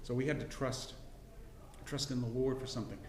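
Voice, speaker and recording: A man's voice: medium pitch, brisk, echoey room, slight background noise. Folksy man teaching a Bible class. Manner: folksy, rambling, frequent restarts and throat clearing. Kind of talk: casual Bible lesson with personal story. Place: church classroom.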